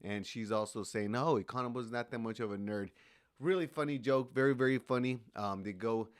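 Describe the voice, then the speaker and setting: A man's voice: mid-range voice, a little fast, clear, resonant tone, no echo, studio quality. A man giving a casual, rambling recap of a TV episode, with many fillers and restarts. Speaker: show recap host.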